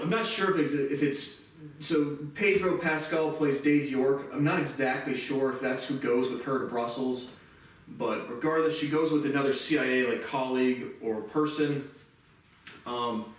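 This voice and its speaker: A man giving a casual spoken movie review, rambling and relaxed, often restarting his sentences and swearing casually. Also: medium pitch. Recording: very echoey room, distant mic.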